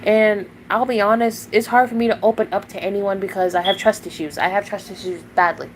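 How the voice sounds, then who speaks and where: A young woman streams live while upset and angry, swearing freely and confronting a viewer. Her voice sits at a middle pitch for a woman. A faint hiss of background noise runs under her voice. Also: fairly even intonation, brisk. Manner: profane, confrontational, fillers of "like".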